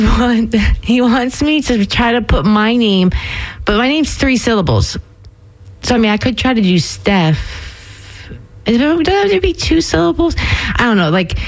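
A woman's voice: medium pitch, poor audio. A woman radio DJ chatting casually on air, giggly and self-deprecating.

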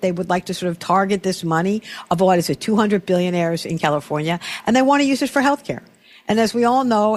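A middle-aged man hosting an interview, telling stories in a lively, restarting way. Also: high-pitched. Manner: storytelling, animated with frequent restarts. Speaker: talk show host. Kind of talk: casual conversational interview.

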